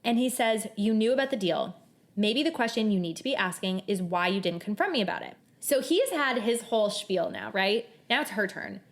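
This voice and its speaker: Casting: young adult woman, podcast co-host, earnest and animated, reads passages with feeling. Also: medium pitch, normal speed. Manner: animated, earnest, reads quotes aloud at length. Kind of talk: casual book discussion. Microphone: shared table mic.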